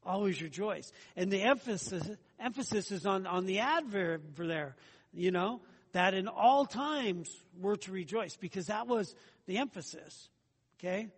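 A man's voice: high voice, lively intonation, measured pace, slightly rough. A man preaching an earnest, conversational sermon as a pastor, often repeating phrases and adding asides. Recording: long hall reverb.

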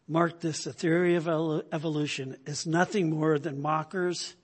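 Husky high-voiced male preacher in a hall. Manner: conversational, emphatic, with frequent "right?" checks. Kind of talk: sermon. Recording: long hall reverb.

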